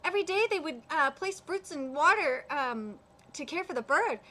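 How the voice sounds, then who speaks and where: A woman's voice: high voice, animated, normal speed, bright, forceful tone. A woman reading the part of a sly, teasing male exorcist aloud, stumbling over words with frequent fillers. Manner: read aloud with hesitant fillers.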